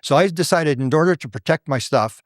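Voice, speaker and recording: A man's voice: on the high side, fairly quick, dry recording, studio quality. An older man, a guest researcher, telling stories in a casual chat and acting out the people he quotes. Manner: animated, acts out the voices in his stories. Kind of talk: casual conversational storytelling.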